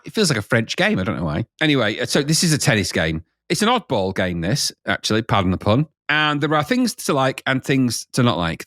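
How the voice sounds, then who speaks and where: A man's voice: medium pitch, fairly bright tone, no echo, studio quality. A man co-hosting a retro games talk show in a casual, jokey, rambling way. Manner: jokey, rambling, laughs at himself. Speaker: podcast co-host reviewing retro games. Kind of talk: casual chat.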